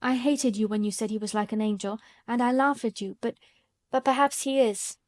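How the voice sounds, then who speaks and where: Female narrator doing a sickly young boy, high and eager, pleading tone. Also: moderate pace, a little mellow, natural voice. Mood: wistful.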